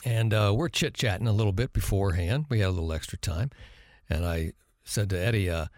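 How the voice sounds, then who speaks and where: A man co-hosting a radio podcast, telling a story in a relaxed, chatty way and acting out quoted lines. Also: lowish voice, fairly quick, no room sound, clean studio sound. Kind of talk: casual storytelling chat.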